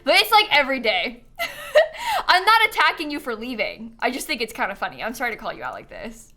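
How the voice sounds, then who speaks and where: A woman's voice: high voice, wildly swooping pitch, brisk, bright, forceful tone, faint music behind. A woman chatting casually on a live stream while she plays a life-sim game, giggling often and answering questions from chat.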